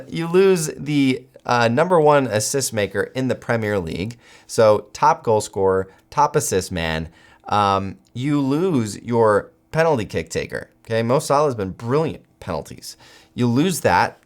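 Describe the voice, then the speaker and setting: An American man hosting a football channel, giving solo commentary with animated, incredulous outbursts. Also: mid-range voice.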